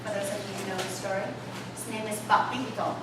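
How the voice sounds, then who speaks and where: A woman's voice: medium pitch, fast talker. Woman, workshop lecturer, chatty with fillers, echoey hall, distant mic. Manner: animated read-aloud voices, chatty asides with fillers. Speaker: English storytelling workshop lecturer. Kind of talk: lecture with read-aloud storytelling. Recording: echoey hall, voice from far off, audible room noise.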